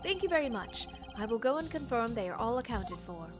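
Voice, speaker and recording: A woman's voice: a little high, sing-song. A woman voicing a poised, formal male prosecutor in a fan voice acting of a game, polite and a little stiff. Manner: polite, measured, slightly stiff. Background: game music.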